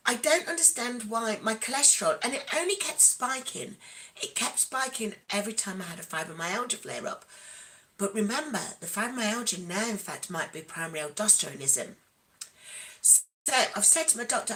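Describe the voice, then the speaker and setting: Animated chatty woman. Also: mid-range voice, normal speed, rough recording. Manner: chatty, animated, rambling asides. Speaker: stream host. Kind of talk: casual live Q&A chat.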